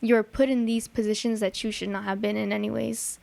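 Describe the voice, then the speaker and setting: A young woman from the Chicago area, guesting on a podcast, tells stories in a chatty way full of likes and ums, even acting out her dad's lines. Her voice is medium-pitched, gravelly and somewhat dark, with a level tone and a fairly quick pace.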